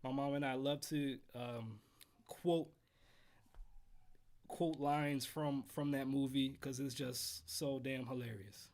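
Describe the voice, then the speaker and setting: A man hosting a casual livestream trumpet lesson from home, counting in exercises and chatting with viewers in a relaxed way. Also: medium pitch, slow pace. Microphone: headphones while streaming.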